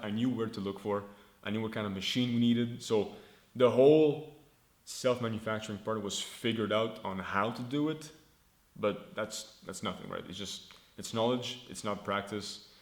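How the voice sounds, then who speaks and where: A man's voice: lowish voice, moderate pace, roomy sound. A man, a startup founder casually recounting a story, rambling, swearing freely and acting out the other people's lines. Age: 20s. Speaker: founder vlogging his startup.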